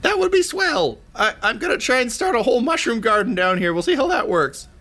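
A man voicing an excitable lowly poop smith turned lord, eager and cheerfully callous. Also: fairly quick, full character voice. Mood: chipper.

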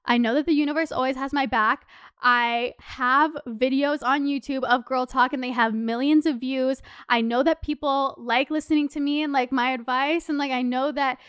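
A young woman in her twenties with a high, smooth, clear voice, hosting her own podcast in loose, chatty talk. She gets heated and passionate, fills her sentences with "like" and swears casually. The sound is close and dry, with no room echo. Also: fairly even intonation, normal speed, fairly bright tone. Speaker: podcast host. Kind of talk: casual solo podcast chat.

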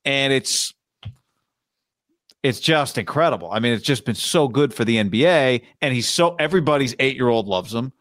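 Animated male sports talk host. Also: mid-range voice, normal speed, no room sound, studio quality. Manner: animated, playfully mimics broadcaster voices.

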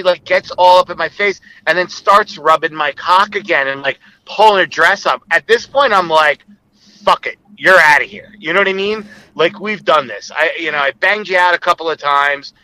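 A man with a very bright, slightly high voice tells a rambling, explicit personal story. He talks casually and keeps quoting what others said. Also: normal speed, hardly any pauses, poor audio.

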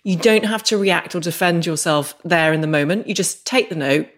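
A woman's voice: on the low side, moderate pace. A woman hosting a podcast interview, laughing often and offering thoughtful remarks. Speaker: podcast host. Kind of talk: casual interview chat.

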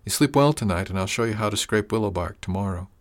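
A man voicing a kindly, wry older woman who works as an herbalist, speaking in a gentle, reassuring way. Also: lowish voice, fast talker, lightly acted.

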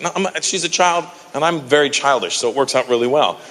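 A man performing a stand-up comedy routine, talking in an animated way and bursting into loud character bits. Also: mid-range voice, fast talker, few pauses. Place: large live comedy venue. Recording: live venue with long reverb and faint crowd ambience.

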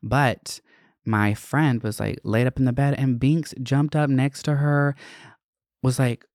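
A woman's voice: extremely low pitch, steady tone, slow, a little mellow, dry recording, clean studio sound. A woman hosting a podcast in casual chat, rambling and swearing, with lots of "like" and "you know". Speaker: podcast host.

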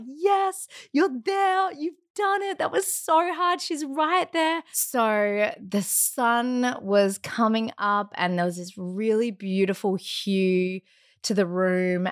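Woman, thirties, podcast guest, casual storytelling, animated, laughs a lot, mid pitch, dry close sound. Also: clean tone, no room sound. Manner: animated, acts out quotes and sounds.

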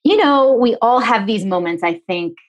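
A woman in her forties from New England, a nutritionist telling her story as a podcast guest, articulate and animated, acting out the dialogue. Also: on the high side, moderate pace, highs cut off. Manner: articulate, explanatory. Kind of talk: conversational storytelling interview.

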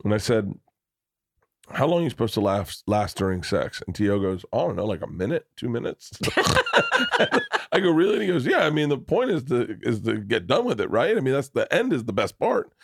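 A man hosting a casual podcast, excitable and quick to burst into loud laughter. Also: medium pitch, creaky, breathy edge, dry recording, clean studio sound. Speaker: podcast host.

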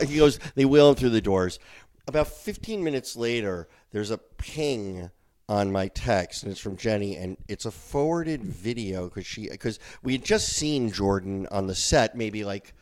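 Man, middle-aged, podcast co-host, casual chat, animated storyteller. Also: on the low side, normal speed. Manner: animated storyteller, acts out quotes.

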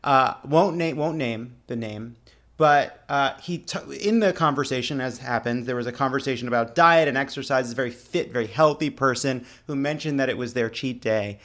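A man's voice: mid-range voice, normal speed, a bit bright. Laughing storytelling man. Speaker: podcast co-host. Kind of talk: casual chat.

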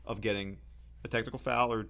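A man co-hosting a sports talk show, arguing his point in a firm, measured way. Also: lowish voice, fairly even intonation, creaky, a bit bright. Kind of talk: casual sports debate.

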